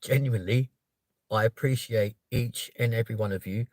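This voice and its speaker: A man's voice: medium pitch, a little mellow, no room sound. Overwhelmed man, dry sound. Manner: sighing, halting, overwhelmed. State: emotional, close to tears. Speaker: channel host. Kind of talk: live stream talk to viewers.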